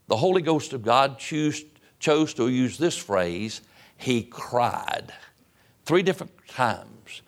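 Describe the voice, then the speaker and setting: Man preaching, rising to impassioned cries. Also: a bit bright. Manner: preaching, builds from low measured tones to high impassioned cries. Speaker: pastor. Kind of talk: sermon. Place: church, broadcast on radio and internet.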